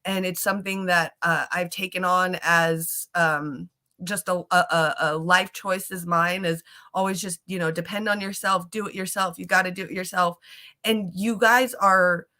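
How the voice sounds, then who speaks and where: Bright-voiced emotional woman host. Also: on the low side, fairly even intonation, moderate pace. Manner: emotional, rambling, stumbles and repeats words. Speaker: show host. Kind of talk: casual emotional livestream chat.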